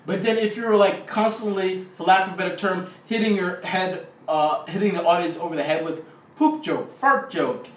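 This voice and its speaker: A man's voice: high-pitched, moderate pace, recorded from a distance. Rambling man in an echoey room. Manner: rambling, restarts often, animated asides. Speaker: co-host of a movie review show. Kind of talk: casual review chat.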